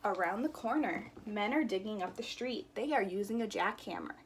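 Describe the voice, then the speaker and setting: A woman's voice: mid-range voice, animated, moderate pace. Woman teacher reading aloud to young kids, playful with the sound words, mid-range voice, slight background noise. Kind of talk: storybook read-aloud with sound effects.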